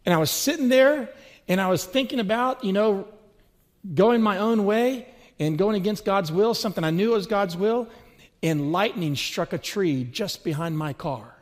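A man's voice: high voice, lively intonation, moderate pace. A middle-aged man preaching a sermon, telling stories with rising, swelling emphasis. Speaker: pastor.

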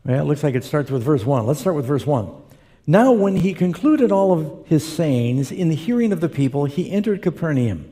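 In a church hall, a man with a fairly high, mellow voice delivers a sermon at normal speed, his words trailing into long reverb. He reads scripture aloud and pauses for relaxed, conversational asides to the congregation.

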